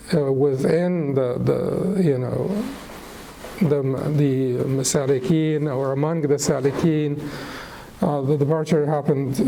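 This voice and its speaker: A middle-aged man teaching a lecture on spirituality, unhurried and thoughtful, pausing with fillers and restarting phrases. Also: medium pitch, gravelly, mellow, a little hiss or hum, poor audio. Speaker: Islamic studies teacher.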